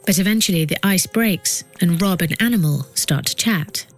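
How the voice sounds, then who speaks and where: A woman narrating a documentary podcast from a script, with a measured delivery that builds suspense. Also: fairly low pitch, faint music behind.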